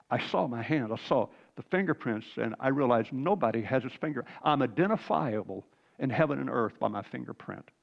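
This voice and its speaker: A man in his sixties earnestly telling a spiritual testimony, often clearing his throat and repeating words. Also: medium pitch, highs cut off. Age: 60s. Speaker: Christian speaker sharing a testimony.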